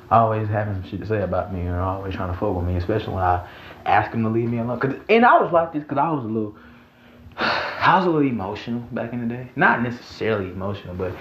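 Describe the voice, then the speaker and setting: Southern guy spinning a wild storytime, gravelly voice jumping all over, cussing nonstop, echoey room, kinda muffled. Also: lowish voice. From Mississippi. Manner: profane, animated, laughing, repeats himself. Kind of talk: casual storytime vlog. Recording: echoey room, dull audio, faint hiss.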